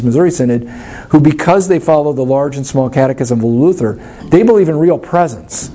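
A man's voice: a little high, dark tone. A man leading a church study class, explaining things in an informal, thoughtful and wry way while answering questions.

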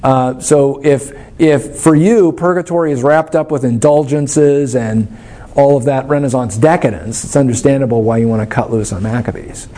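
A man's voice: medium pitch, normal speed, dark tone. A man leading a church study class, explaining things in an informal, thoughtful and wry way while answering questions.

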